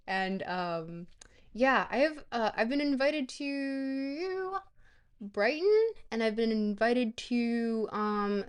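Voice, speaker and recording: A young woman streaming a geography guessing game, rambling and playful, breaking into sudden excited squeals. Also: on the high side, smooth. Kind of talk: live-stream game commentary.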